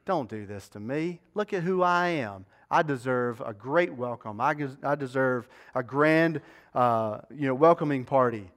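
A man's voice: mid-range voice, unhurried, a bit bright, natural voice. A man acting out a boastful foreign army commander who demands a grand welcome. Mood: proud, indignant. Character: proud foreign army commander, later overjoyed.

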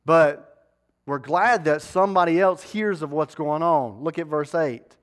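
An animated male preacher working through a Bible passage verse by verse. His voice is a little higher than most men's. He keeps challenging his listeners with questions. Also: unhurried. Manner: lively, asks the congregation rhetorical questions. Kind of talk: sermon.

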